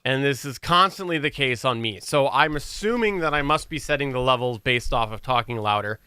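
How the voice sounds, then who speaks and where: Bright, crisp-voiced man sound-checking. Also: medium pitch, lively intonation, a little fast, no echo. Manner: rambling, troubleshooting aloud. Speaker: podcast host. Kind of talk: casual chat while sound-checking.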